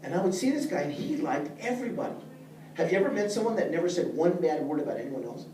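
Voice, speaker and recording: Middle-aged guy teaching a class, higher mellow voice, earnest and direct, echoey room, mic kinda far, faint noise. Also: lively intonation, fast. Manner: earnest, plain-spoken, addresses listeners directly. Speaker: leadership teacher. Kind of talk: speaking to a class.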